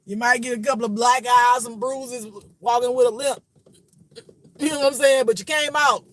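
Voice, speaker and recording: Man with a high voice, casual spiritual reader, preachy and repetitive, swears freely. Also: steady tone, moderate pace, fairly bright tone, dry recording. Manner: preachy, profane, repeats phrases.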